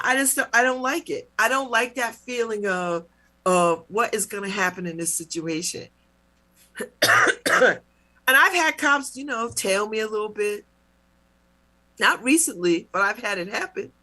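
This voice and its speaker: A middle-aged woman hosting a talk show, telling a personal story in a casual, animated way, with mock-indignant retellings. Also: on the high side. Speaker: radio talk show host.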